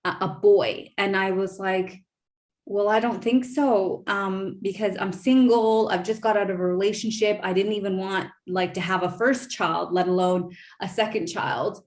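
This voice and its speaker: A woman in her thirties hosts a podcast and tells a personal story with open emotion. She talks in an animated, gushing way and fills her sentences with small verbal fillers. Her voice sits in an ordinary middle pitch. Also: normal speed. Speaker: podcast host.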